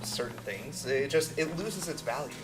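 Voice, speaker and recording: A man co-hosting a casual chat, animated and opinionated. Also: a little high, normal speed, over music, poor audio. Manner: animated, opinionated, laughs often. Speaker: podcast co-host.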